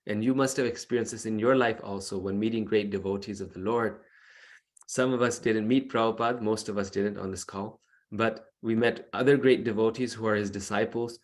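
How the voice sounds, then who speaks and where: Earnest man telling a devotional story. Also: medium pitch. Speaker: devotional class speaker.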